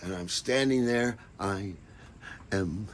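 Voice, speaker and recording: An older man telling a personal story in an animated way, acting out every voice and lingering on words. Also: fairly low pitch, slow pace, slight background noise.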